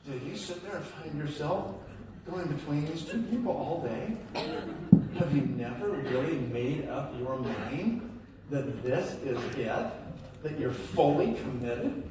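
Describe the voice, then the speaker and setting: A man delivers a rousing motivational talk to a packed hall, his fairly high voice jumping into loud, emphatic peaks as he throws questions at the crowd. The sound comes from a phone somewhere out in the audience, so the voice is distant and washed in heavy hall echo. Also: measured pace, a little hiss or hum. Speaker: motivational speaker at a sales event. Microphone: phone recording from the audience. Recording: echoey hall, phone-streamed from afar.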